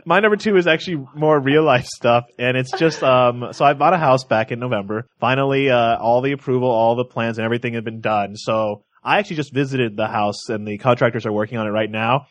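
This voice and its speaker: A man co-hosting a podcast in casual chat, telling stories in an animated way and laughing often. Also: medium pitch, brisk, few pauses, dry recording. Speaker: podcast co-host.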